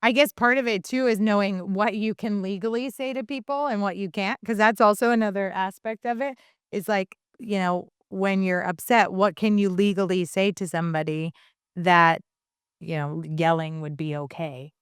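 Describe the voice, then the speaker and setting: Chatty woman with a smooth clear voice. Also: mid-range voice, normal speed, no room sound, clean studio sound. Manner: chatty, animated storyteller with many restarts and fillers. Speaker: podcast co-host. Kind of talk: casual podcast chat.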